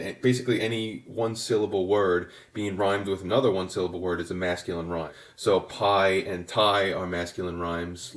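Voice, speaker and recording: Low-voiced man teaching in an echoey room. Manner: patient, methodical, with frequent fillers and restarts. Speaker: songwriting instructor. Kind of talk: explanatory lesson.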